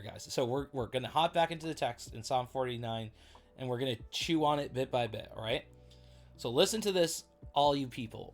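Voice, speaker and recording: Excitable man hosting a Bible livestream. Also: mid-range voice. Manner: chatty, excitable, reacts to chat with outbursts. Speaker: livestream Bible study host. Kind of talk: casual livestream Bible teaching.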